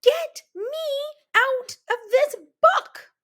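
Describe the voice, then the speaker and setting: A woman voicing a frightened young male bookmark, yelling in shrill panic in a storybook read-aloud. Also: extremely slow, exaggerated voice. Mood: terrified.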